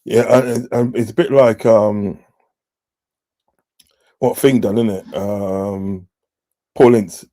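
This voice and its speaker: A man's voice: fairly low pitch, steady tone, slow pace, long pauses, mellow, no room sound. A man hosting a casual football chat stream, rambling with lots of fillers and restarts and the odd swear word. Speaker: podcast host.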